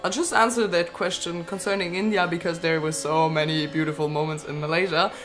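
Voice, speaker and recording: A woman in her twenties chatting casually as a vlogger answering viewer questions, laughing often and swearing freely. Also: fairly low pitch. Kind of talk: casual Q&A chat.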